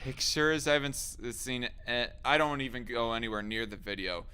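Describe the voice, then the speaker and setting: A man's voice: medium pitch, moderate pace, bright, forceful tone, clear, resonant tone. A man hosting a casual live stream, often laughing as he reads chat comments aloud. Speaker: streamer host.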